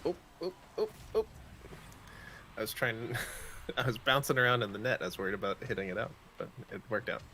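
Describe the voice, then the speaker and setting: A man's voice: mid-range voice, lively intonation, a little fast, bright, forceful tone, a little hiss or hum. A man co-hosting a morning gaming stream, chatting in a laid-back, easygoing way. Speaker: co-host. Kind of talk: casual livestream chat while gaming.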